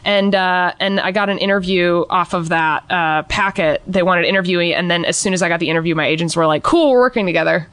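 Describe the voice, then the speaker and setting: Young woman chatting, smooth clear voice, dry close sound, acts out what people said. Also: fast talker, hardly any pauses, no room sound. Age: young adult. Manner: animated, acts out quotes in a higher voice. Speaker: guest. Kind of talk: casual storytelling.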